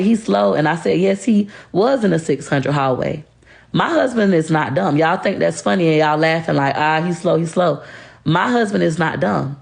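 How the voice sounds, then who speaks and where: A woman's voice: medium pitch, vocal fry. A woman speaking bluntly and heatedly to camera, cursing freely. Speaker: social media creator talking about her marriage. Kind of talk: candid monologue to camera.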